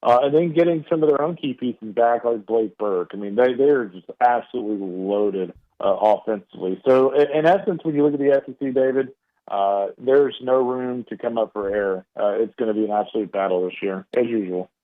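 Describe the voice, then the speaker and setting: A man's voice: medium pitch, fairly quick. Man with an East Texas drawl on a phone line. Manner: loose, filler-heavy talk with many restarts. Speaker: baseball analyst guest. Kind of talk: radio interview commentary. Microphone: phone call into studio.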